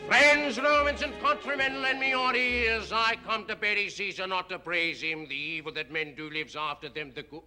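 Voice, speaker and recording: A man impersonating a brooding Roman orator with a slurred, mumbling, drawn-out delivery. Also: high-pitched, fairly even intonation, bright, forceful tone, faint music behind.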